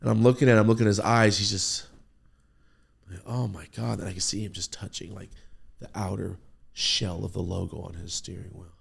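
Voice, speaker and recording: A man on a podcast telling a profane, excitable story and acting out his own reactions. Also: low-pitched, brisk, gravelly, slightly rough. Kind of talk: animated storytelling.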